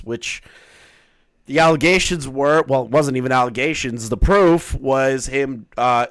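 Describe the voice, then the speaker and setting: A man streaming a reaction, sarcastic and crude, swinging between flat and loud animated bursts. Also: medium pitch, measured pace, no echo. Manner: crude, blunt. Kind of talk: live-stream reaction commentary.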